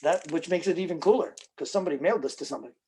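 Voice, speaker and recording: Excitable New man hosting. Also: a little high, rapid-fire, poor audio. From New York City. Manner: excitable, joking, chatty storyteller. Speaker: antiques museum host. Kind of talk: casual chat during an unboxing.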